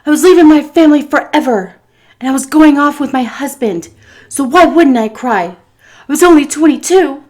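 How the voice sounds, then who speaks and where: A woman voicing a furious older woman who shouts right in someone's face, shrill and loud. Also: animated, a little fast, hardly any pauses. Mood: screaming. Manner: shrill yelling.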